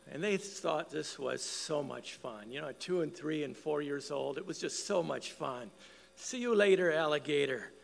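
A man's voice: a little high, vocal fry, a bit bright, big-room sound. An older man preaching a sermon in church, telling a folksy family story. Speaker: pastor.

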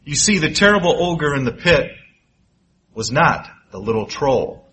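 A man's voice: a little high, sing-song, bright, forceful tone, slight background noise, low-quality recording. A man preaching, telling a moral parable in dramatic storytelling fashion. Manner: dramatic storyteller, rising for suspense and slowing for effect. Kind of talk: sermon storytelling.

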